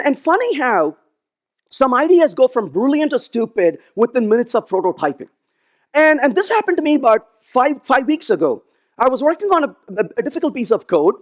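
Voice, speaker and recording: A man giving a conference keynote, telling stories and acting out the dialogue in them. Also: extremely high pitch. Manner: animated, acts out dialogue in his stories. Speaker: keynote speaker. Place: conference stage.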